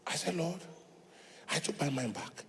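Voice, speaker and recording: A man preaching a fervent sermon as pastor, calling out to the congregation and rising to shouts. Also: a little high, animated, normal speed. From Africa. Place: church sanctuary. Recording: echoey church hall with faint music.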